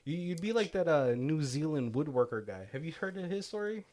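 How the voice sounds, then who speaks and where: A man's voice: fairly high pitch, big pitch swings, fairly quick, a little mellow. A young man co-hosting a podcast, chatting casually and laughing often. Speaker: podcast co-host. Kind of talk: casual chat.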